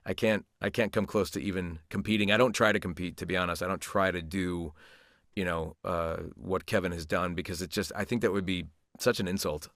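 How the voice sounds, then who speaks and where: Voice actor guest, man, fifties, low voice, dry close sound, humble and meandering. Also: fairly bright tone, dry recording. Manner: rambling, many restarts, humble and reflective. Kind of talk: casual interview chat.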